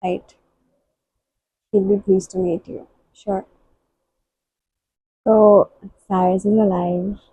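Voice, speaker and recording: A woman book vlogger giving soft, halting and emotional reactions while reading. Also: medium pitch, level tone, husky, no echo, low-quality recording.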